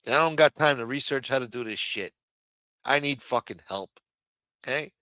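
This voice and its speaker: A man's voice: mid-range voice, moderate pace, bright, forceful tone, clear, resonant tone, no echo. A middle-aged man from the United States hosting a livestream, ranting angrily and swearing constantly. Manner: profane, angry ranting. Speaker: show host. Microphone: streaming microphone.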